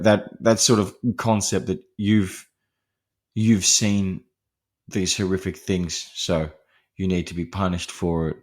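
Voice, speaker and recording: A man hosting a podcast, talking through a film in a casual, rambling way with many fillers and restarts, laughing lightly between points. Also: deep voice. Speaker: podcast host discussing horror films.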